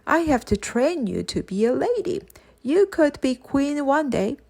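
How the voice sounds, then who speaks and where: A woman reading aloud and voicing a harsh, strict governess who scolds loudly. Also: high-pitched, very animated, unhurried, creaky, voice pushed up, exaggerated voice. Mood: scolding. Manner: scolding, loud. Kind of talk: audiobook character voice.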